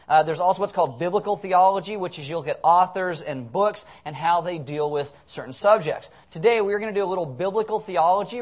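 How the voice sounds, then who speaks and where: Male pastor, conversational sermon with humor, a bit high-pitched, acts out quotes loudly. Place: church sanctuary.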